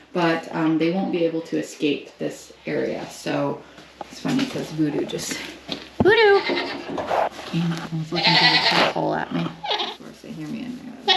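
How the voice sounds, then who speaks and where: A woman vlogging casually from her farm, cooing and baby-talking to her goats as she walks around. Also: on the low side. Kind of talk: casual farm vlog chat. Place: outdoors and in a barn with goats. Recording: noisy barnyard recording with goat bleats.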